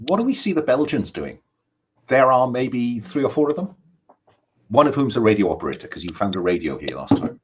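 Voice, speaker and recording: A man's voice: medium pitch, sing-song, fairly quick, breathy edge, muffled recording. A man running a tabletop horror game as game master, talking with many ums and restarts.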